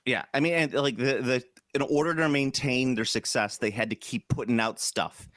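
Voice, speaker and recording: A man co-hosting a podcast in casual chat, animated and jokey. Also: mid-range voice, moderate pace, no room sound, studio quality. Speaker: podcast co-host.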